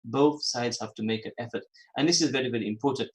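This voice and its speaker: A man's voice: mid-range voice, fast, poor audio. A man hosting a religious phone-in radio show who repeats phrases for emphasis and mixes in Arabic and Urdu terms. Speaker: radio host.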